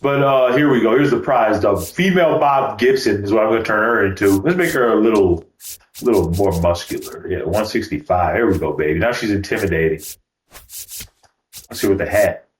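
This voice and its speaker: A man's voice: fairly low pitch, normal speed, roomy sound, slight background noise, rough recording. A man giving loose, joking commentary while playing a baseball video game, swearing casually. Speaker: gaming YouTuber.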